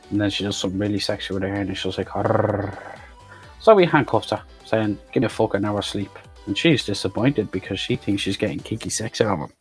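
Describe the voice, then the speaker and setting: A man's voice: fairly low pitch, darkish tone, breathy edge. A man recapping a film in a rambling, sweary, sarcastic way. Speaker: film reviewer. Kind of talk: profane comedic movie recap.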